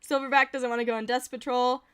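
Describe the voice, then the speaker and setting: A woman's voice: high-pitched, flat delivery, fast, smooth. A woman streamer giving casual, giggly commentary as she reads game events aloud.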